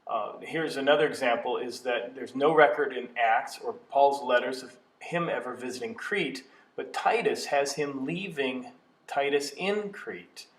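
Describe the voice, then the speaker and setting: Man lecturing in an echoey room. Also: medium pitch. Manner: measured, explanatory, slows to stress key terms. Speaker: teacher of biblical studies. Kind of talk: educational video lecture. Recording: echoey room, mic at a distance.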